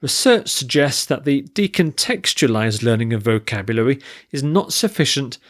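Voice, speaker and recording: A man's voice: medium pitch, expressive, a bit bright. A man teaching an English vocabulary lesson, listing word forms and reading example sentences carefully. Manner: slow, deliberate, spells out word forms and stress.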